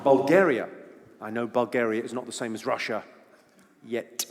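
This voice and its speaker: A man's voice: mid-range voice, fairly even intonation, moderate pace. A man with a British accent doing stand-up crowd work on a theatre stage, firing off dry quips and often breaking into his own distinctive laugh. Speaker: stand-up comedian. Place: large theatre stage with audience. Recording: live theatre with long reverb and loud noise.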